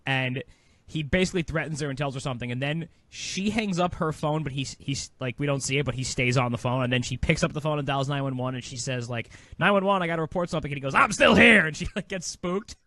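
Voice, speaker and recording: A man co-hosting a podcast, chatting quickly and casually with many asides. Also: mid-range voice, fairly bright tone, dry recording. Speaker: podcast co-host.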